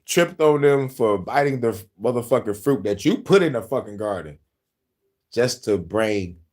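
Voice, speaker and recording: A man reacting to a video in casual commentary, loud, excitable, profane and laughing often. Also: medium pitch, normal speed.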